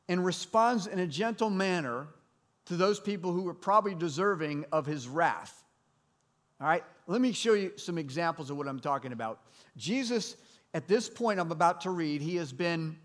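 High-voiced man preaching a sermon. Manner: conversational preaching with rhetorical questions to the congregation. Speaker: pastor. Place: church hall before a congregation.

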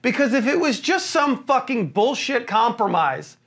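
A man co-hosting a casual film review podcast, ranting with profanity, laughing through his complaints and mocking the characters in quick put-on lines. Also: very high-pitched, big pitch swings, a bit bright. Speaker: podcast co-host.

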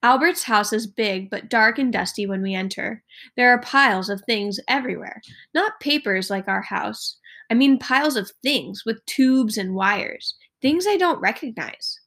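A woman teacher reading a novel aloud to her class in an expressive way. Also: a little high, measured pace.

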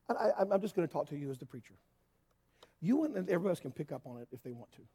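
A man preaching a sermon in a church hall, swinging between yelling and quiet asides. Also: a little high, racing, breathy edge. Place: church hall with worship band.

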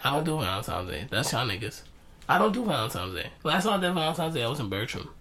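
A man's voice: mid-range voice, big pitch swings, fast, over a noisy crowd. A young man hosting a podcast with casual, slangy banter and a worn-out voice. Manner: laid-back, slangy, laughs often. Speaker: podcast host.

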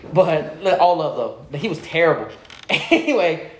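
A man telling stories in casual, slang-heavy chat. He is animated, laughs through the funny parts and drops low and quiet when he quotes other people. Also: normal speed. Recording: roomy echo.

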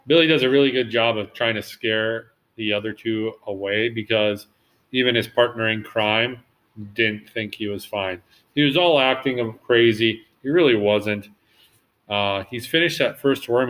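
A man's voice: mid-range voice, fairly bright tone. A male teacher casually guiding students through a class reading and assignments. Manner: casual, encouraging instruction. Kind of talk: online class read-along.

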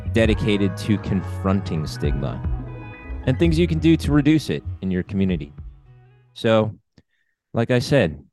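A man's voice: deep voice, a little mellow. A man co-hosting a casual podcast, upbeat and talking at length to explain ideas. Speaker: podcast co-host.

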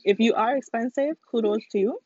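A woman's voice: on the high side, a little fast, a little mellow, breathy edge, dry recording, highs cut off. A young woman chatting casually to her viewers while eating, speaking straight to them on her phone. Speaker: vlogger. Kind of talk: casual chat to camera.

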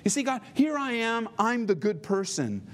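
Man doing a high whiny smug churchgoer, keeps insisting how good he is, bouncy and pleading. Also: very animated, racing, darkish tone, slight background noise. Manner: whiny, pleading, self-congratulating. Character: smug self-satisfied churchgoer, man, boasting.

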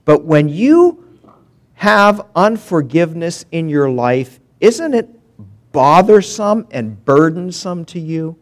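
Man preaching, sermon, animated delivery, somewhat high voice, reads scripture verses. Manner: animated preaching with long pauses, reading scripture aloud. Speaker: pastor.

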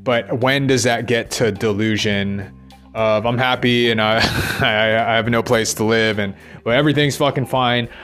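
A man's voice: fairly low pitch, a bit bright. A man thinking aloud in a rambling personal monologue, restless and swearing as he questions himself.

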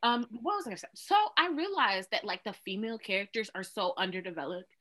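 A woman's voice: mid-range voice, very animated, fast talker, bright, forceful tone, low-quality recording. A woman co-hosting a podcast, chatting casually in a playful, slangy way. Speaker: podcast co-host. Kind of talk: casual chat.

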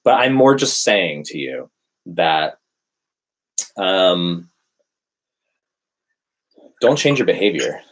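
A man's voice: low voice, very animated, slow pace, long pauses. A young man in casual chat, telling a story animatedly, swearing and acting out quotes. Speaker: dating storyteller.

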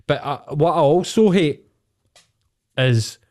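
A man's voice: medium pitch, moderate pace, darkish tone. A man with a Scottish accent on a casual podcast, ranting and swearing heavily.

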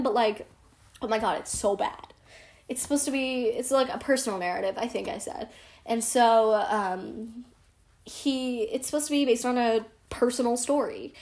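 A teenage girl with a slightly high voice tells a real-life story in a relaxed vlog style. She is chatty and frank and pokes fun at herself. Her sentences are full of "like". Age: teens. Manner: chatty, frank and self-deprecating, heavy use of "like".

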